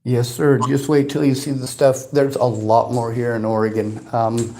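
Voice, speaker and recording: A man's voice: medium pitch, flat delivery, moderate pace, mellow. A man on a phone call that is being livestreamed, talking in long, aggrieved, rambling runs about police he is reporting on. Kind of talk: casual phone conversation, livestreamed.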